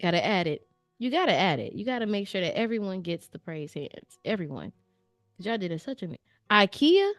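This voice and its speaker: A livestream host reviews art from her viewers, talking fairly quickly in a very animated, medium-pitched voice. Her chat is casual, playful, slangy and direct, and the dry recording has faint background music.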